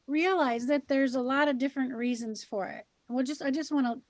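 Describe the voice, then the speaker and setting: A woman co-hosting a podcast, calmly and reassuringly giving gentle advice in casual chat. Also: sits high, brisk, dry recording. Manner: calm, reassuring, gently advising. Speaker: co-host and healer.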